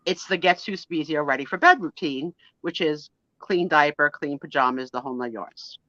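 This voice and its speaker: A middle-aged woman hosting a live stream, telling a story in a casual, animated way, laughing and acting out the lines she quotes. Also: sits low, normal speed, no room sound, dull audio. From United States. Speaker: host.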